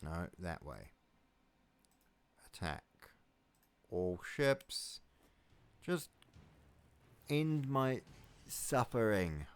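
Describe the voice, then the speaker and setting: Kiwi male gamer, unhurried, clean resonant voice, muttering play-by-play with sweary outbursts. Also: fairly low pitch, big pitch swings, smooth. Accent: New Zealand. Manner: mutters to himself, swears loudly when things go wrong. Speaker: video game let's player. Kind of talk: casual gameplay commentary.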